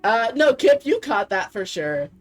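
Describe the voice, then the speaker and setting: A woman narrating as game master, relaxed and chatty, with frequent fillers and laughs. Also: on the high side, unhurried, soft background music.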